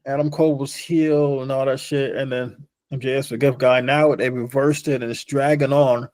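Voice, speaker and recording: A man's voice: mid-range voice, steady tone, normal speed, darkish tone, no room sound. A man co-hosting a podcast in casual chat, blunt and profane, often tagging lines with "man". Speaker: podcast co-host.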